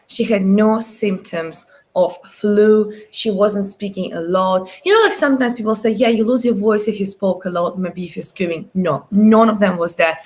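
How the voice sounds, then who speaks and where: A woman life coach telling client stories to a live stream audience, animated, with wide swings in pitch and frequent tag questions. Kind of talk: live-streamed motivational talk.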